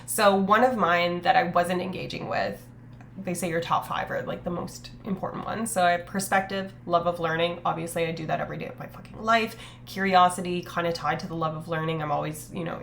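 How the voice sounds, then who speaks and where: A woman's voice: mid-range voice, creaky, a bit bright, slight background noise. A woman streamer in casual livestream chat, sniffly with a stuffy nose, rambling and swearing casually as she talks to her chat.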